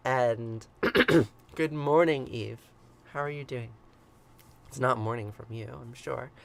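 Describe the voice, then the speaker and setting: A man's voice: medium pitch, slow, creaky, long pauses. Casual, chuckling man hosting a livestream. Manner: chuckles often, hesitant with many ums. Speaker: livestream ritual host. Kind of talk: reading a myth aloud and chatting with viewers. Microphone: livestream computer mic.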